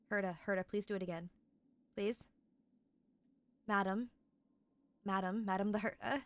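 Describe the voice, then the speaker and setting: A young woman streaming a video game, gushing and excitable, swearing as she reacts. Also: mid-range voice, moderate pace, pauses often. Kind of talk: casual live-stream commentary.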